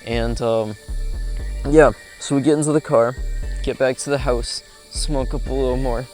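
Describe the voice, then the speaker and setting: Young male vlogger, mid pitch, chatty and profane, outdoor camera-mic sound with light music behind. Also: normal speed. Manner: profane, animated storyteller with frequent fillers. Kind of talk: casual storytelling. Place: outdoors in a rural spot with insects.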